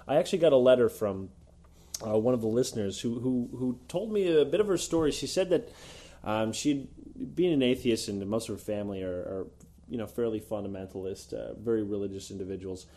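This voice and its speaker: Animated swearing man ranting on a podcast. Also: on the low side, a little fast. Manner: animated, sarcastic, mocks others in put-on voices; swears freely. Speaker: podcast co-host. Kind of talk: casual opinion rant.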